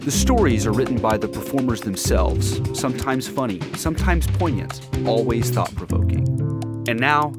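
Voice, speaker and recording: Male podcast host, scripted intro, measured, loud guitar music underneath. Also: medium pitch, expressive.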